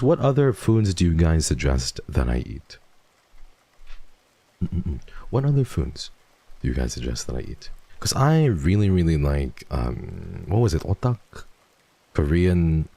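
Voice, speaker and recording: A man with an extremely deep, gravelly voice, chatting casually with his livestream viewers. He teases and swears freely, lurching from loud bursts to quiet murmurs. His tone is dark and mellow, recorded close and dry. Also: no echo. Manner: playful and teasing, swings between loud bursts and hushed murmurs. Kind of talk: casual livestream chat, reading donations.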